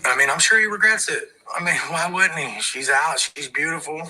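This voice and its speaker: A man's voice: on the high side, expressive, moderate pace, bright, forceful tone, low-quality recording. A man in a reality TV confessional, talking bluntly and heatedly about protecting his wife. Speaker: reality show husband. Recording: reality TV clip with music.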